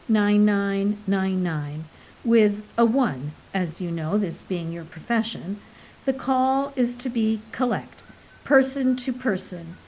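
A woman's voice: medium pitch, darkish tone, poor audio. A woman voicing a formal, courteous male envoy who speaks with precise diction.

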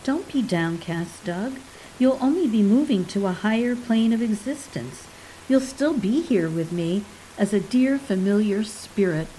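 A woman's voice: expressive, measured pace, warm tone, slight background noise, natural voice, poor audio. A woman reading a story, voicing a flighty, prattling middle-aged wife in a lifted, gushing voice. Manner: gushing, raised pitch.

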